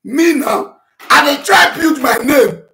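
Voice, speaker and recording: A Nigerian man who calls himself a prophet shouts to camera for his online audience, rebutting accusations in an impassioned monologue. He speaks Nigerian Pidgin English in a high, bright, expressive voice at a slow pace, repeating himself passionately and switching into chanted vernacular.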